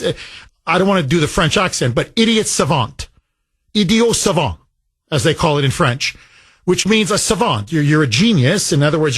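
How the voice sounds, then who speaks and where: A man's voice: on the high side, a bit bright, husky. A middle-aged man hosting a talk radio show, rambling and emphatic, with frequent fillers and restarts. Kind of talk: talk radio monologue and caller exchange.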